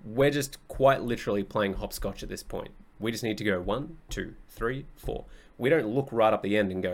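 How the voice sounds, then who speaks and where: A man's voice: fairly low pitch, normal speed. Blunt, swearing male podcast coach. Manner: blunt, swears often, laughs easily. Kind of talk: casual solo podcast talk.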